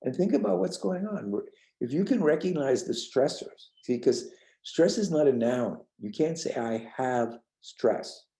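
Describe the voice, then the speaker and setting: Older male workshop trainer from the New York suburbs, gravelly and very dark, casual lecture with halting restarts. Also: a little high, lively intonation, low-quality recording. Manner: rambling, repeats words and restarts, gentle. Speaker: trainer leading a parenting workshop.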